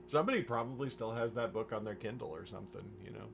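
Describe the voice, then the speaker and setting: A man talking casually while streaming his writing session, rambling with restarts and quick asides. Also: fairly low pitch, vocal fry, heavy background noise. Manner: rambling, with frequent restarts and chuckles. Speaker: novelist livestreaming his writing. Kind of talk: casual livestream chat.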